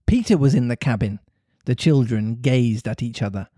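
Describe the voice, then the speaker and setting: A man reading a storybook aloud in an expressive, measured way, stopping to chat as host. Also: medium pitch, breathy edge, dry recording, clean studio sound. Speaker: story reader and podcast host.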